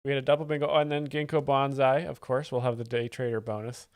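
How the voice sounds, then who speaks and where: A man hosting a live stream, giving mock-expert commentary and reading chat in a deadpan, easily distracted way. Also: medium pitch, fast talker, no room sound, studio quality. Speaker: livestream host. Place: home setup with several screens.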